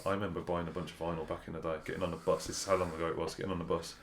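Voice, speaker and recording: A man with a lowish voice chats with friends on a podcast. He tells rambling anecdotes in a dry tone and swears casually. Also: flat delivery, rapid-fire, a crowd in the background. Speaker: podcast co-host. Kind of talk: casual chat.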